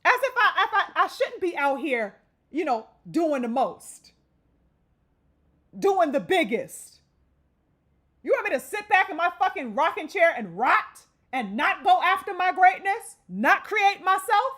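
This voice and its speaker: A woman's voice: very high voice, big pitch swings, a little slow, a bit bright. A woman hosting a live boxing stream and delivering a fiery, profane, emphatic rant. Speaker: boxing channel host.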